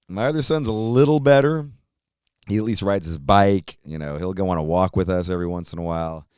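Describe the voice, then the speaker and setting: A middle-aged man chatting as a podcast host, joking around in an easy, slangy way. His voice sits low and sounds smooth and clean. The sound is dry and close, with no room in it. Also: a little fast, a little mellow, no echo. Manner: chatty, joking, laid-back, drops into slang like "dude" and "man". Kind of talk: casual podcast monologue.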